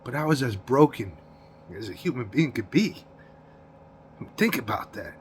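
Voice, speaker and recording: A man in his forties vlogs a confessional, profanity-laced ramble about his past, a little slowly and animatedly in a mid-range voice, with slight background noise. He repeats himself, laughs between lines, and says "you know what I mean" a lot.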